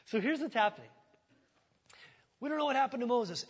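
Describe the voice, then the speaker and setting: A male pastor preaching a sermon with a high-pitched voice. He tells the story in an animated way, jumping from loud bursts to quiet, hushed stretches. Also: a little fast, breathy edge.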